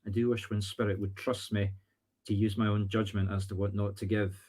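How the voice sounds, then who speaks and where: A man's voice: fairly low pitch, flat delivery, fairly quick, darkish tone. A man with a Scottish accent giving live-streamed psychic readings, chatty and thinking aloud with teasing asides. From Scotland. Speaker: spiritual medium.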